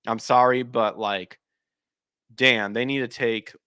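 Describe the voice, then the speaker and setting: A podcast host with a mid-range, steady, sharp voice speaks slowly and smoothly in a clean, echo-free studio. His casual opinion rant is blunt and emphatic, full of swearing, with sentences he restarts or lets trail off.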